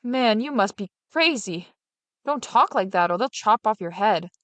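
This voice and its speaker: A woman's voice: medium pitch, expressive, measured pace, fairly bright tone, dry recording. A stern apothecary, played by a woman reader, scolds with indignation. It is a storybook reading with a dry sound. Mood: shocked. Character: shocked, stern male apothecary.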